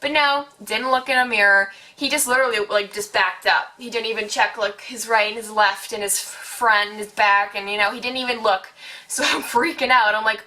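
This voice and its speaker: A chatty teenage woman telling a storytime vlog, her voice sitting a little high and sounding very bright. She rambles along animatedly, with "like" in nearly every phrase. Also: fairly quick. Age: late teens. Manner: chatty, heavy use of "like", animated retelling. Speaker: vlogger.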